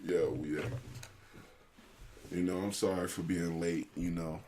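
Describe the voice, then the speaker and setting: A man's voice: deep voice, steady tone, unhurried, mellow, slight background noise. A man hosting a podcast, casually retelling a comedy show in a loose, profane, laughing way. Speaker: podcast host. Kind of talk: casual storytelling chat.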